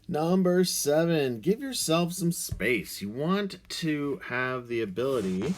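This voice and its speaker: An energetic man talks through screencast tips like a teacher. His pitch swoops up and down in a lively, animated way, and he keeps the tone playful and excited. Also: slow, hardly any pauses. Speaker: teacher making a screencast tutorial. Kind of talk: upbeat instructional talk to camera.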